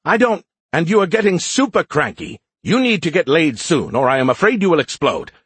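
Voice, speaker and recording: A man's voice: on the high side, big pitch swings, brisk, fairly bright tone, slightly rough, dry recording, pitched above the performer's own voice, heavily acted. A man voicing a perky, smug male AI in a beer can, teasing and snarky, for an audiobook. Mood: mocking. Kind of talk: audiobook character voice.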